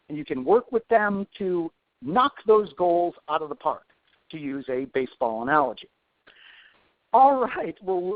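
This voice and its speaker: A man's voice: high voice, dry recording. A man in his forties, an instructor answering questions in a live webinar, chatty with self-deprecating asides. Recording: tinny phone-like dry sound.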